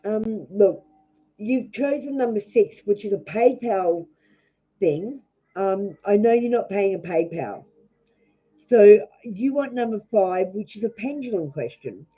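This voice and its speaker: A woman's voice: mid-range voice, lively intonation, unhurried, mellow, breathy edge, muffled recording, soft background music. A woman with an Australian accent doing a live tarot reading, blunt and scolding, swearing freely as she talks to viewers. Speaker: tarot reader.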